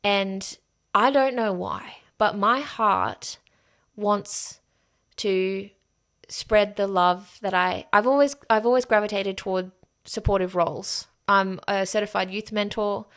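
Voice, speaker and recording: A woman's voice: mid-range voice, takes it slowly, fairly bright tone. A woman hosting a solo podcast, talking frankly and emphatically and swearing freely. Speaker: podcast host. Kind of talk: candid solo podcast monologue.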